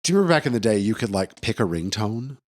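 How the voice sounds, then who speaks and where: A man's voice: on the low side, expressive, fast talker, a little mellow. A congested man co-hosting a casual podcast chat, with dry, sarcastic humor. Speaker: podcast co-host.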